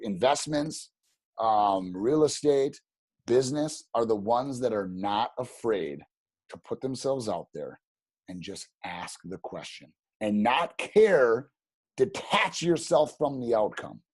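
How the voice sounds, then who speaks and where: A man telling stories as a podcast guest, animated and rambling, with many restarts. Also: medium pitch, slow pace, dry recording. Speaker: podcast guest, real estate agent. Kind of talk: casual storytelling interview.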